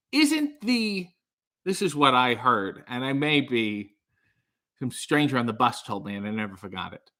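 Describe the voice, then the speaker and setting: Male livestream host: bright, slightly high voice, rambling and self-deprecating comedic chat. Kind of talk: casual chat reading viewer comments.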